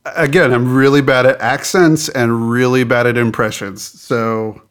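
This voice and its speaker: A man's voice: medium pitch, steady tone, measured pace, fairly bright tone. Man, podcast co-host, casual and self-deprecating. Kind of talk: casual chat.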